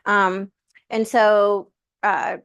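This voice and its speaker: A woman's voice: medium pitch, very slow, creaky, smooth, lo-fi sound. A woman casually telling a personal story in a chatty way, full of fillers and acted-out inner dialogue. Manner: animated, many fillers, acts out her talks with the universe. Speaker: guest sharing a personal story.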